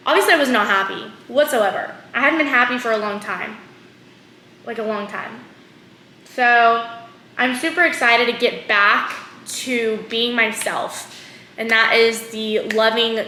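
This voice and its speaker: A woman's voice: fairly high pitch, sharp tone, roomy sound, a little hiss or hum. A woman in her twenties talking candidly to camera in a vlog, full of fillers and close to tears. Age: 20s. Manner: candid, filler-heavy, often near tears. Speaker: vlogger. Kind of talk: emotional casual confessional talk.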